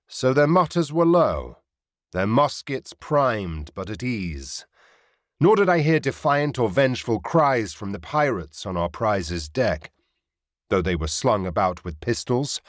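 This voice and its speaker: A man reading a fantasy audiobook in a measured, descriptive narration. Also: on the low side, dry recording, studio quality.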